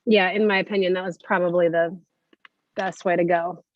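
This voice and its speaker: A woman co-hosting a casual livestream, musing calmly and hedging her opinions. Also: fairly low pitch, moderate pace, dry recording. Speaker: podcast co-host. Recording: dry, muffled lo-fi audio.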